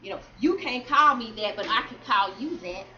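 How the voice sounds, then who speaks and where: A woman's voice: fairly high pitch, expressive, brisk, pushed and bright, lo-fi sound, a little hiss or hum. A woman performing spoken word poetry at a community celebration, rhythmic and calling out to the crowd. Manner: rhythmic, call-and-response with crowd. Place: community celebration event hall.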